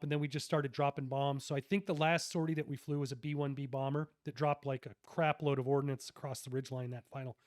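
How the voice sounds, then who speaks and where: A man's voice: fairly high pitch, dry recording, studio quality. Slangy middle-aged man telling war stories. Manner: laid-back and slangy, many fillers and restarts. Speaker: retired army officer, podcast guest. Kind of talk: casual war storytelling in an interview.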